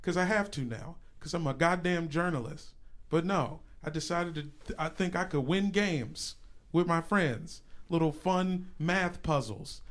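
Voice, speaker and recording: A man co-hosting a casual sports podcast, ranting in exasperation and swinging from low mutters to loud, swearing outbursts. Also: measured pace. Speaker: co-host, Washington football fan.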